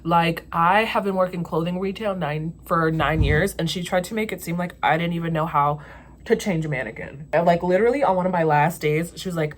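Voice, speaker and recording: A woman's voice: fairly low pitch, fast talker, a little hiss or hum. A young woman vlogger telling a story in casual chat, venting candidly and swearing freely.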